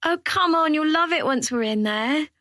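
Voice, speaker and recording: A woman narrator voicing an excitable young woman friend in a loud, high, pushy voice. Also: moderate pace, no echo, studio quality. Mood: excited.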